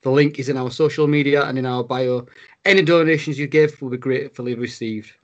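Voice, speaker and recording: A man's voice: mid-range voice, fairly even intonation, brisk, muffled recording. A British man co-hosting a casual podcast, friendly and rambling, with many fillers. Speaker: podcast co-host.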